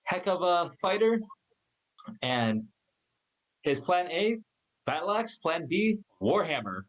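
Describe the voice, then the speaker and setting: A man introducing his tabletop character on an online call, speaking in a measured, matter-of-fact way. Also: high-pitched, big pitch swings, low-quality recording. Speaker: player. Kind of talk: casual chat.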